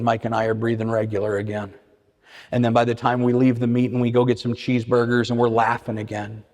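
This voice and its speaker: A man's voice: mid-range voice, a little mellow. Earnest man speaking in a reverberant hall. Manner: earnest, many restarts and repeated words. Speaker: AA meeting speaker. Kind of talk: personal recovery talk. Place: church meeting hall.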